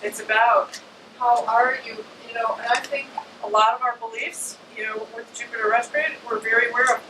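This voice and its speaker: A woman's voice: on the high side, a little fast. Chatty woman astrologer in an echoey room. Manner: chatty and animated, acts out little voices. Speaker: astrologer speaking to an audience. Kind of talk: informal talk to a live audience. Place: room with a live audience. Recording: echoey room, distant mic, air conditioning hum.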